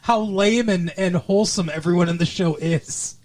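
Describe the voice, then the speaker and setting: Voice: medium pitch, normal speed, a little mellow. A podcast co-host recapping a TV episode in sarcastic, jokey casual chat, prone to silly voices.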